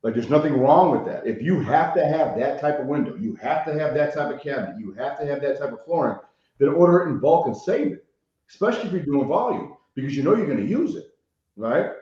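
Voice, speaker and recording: A man's voice: on the high side, animated, fast, warm tone. A man from Chicago, a rehab consultant guest on a podcast, telling stories animatedly, swearing freely and tagging lines with "right?". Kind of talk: casual podcast interview. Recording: echoey room, muffled lo-fi sound.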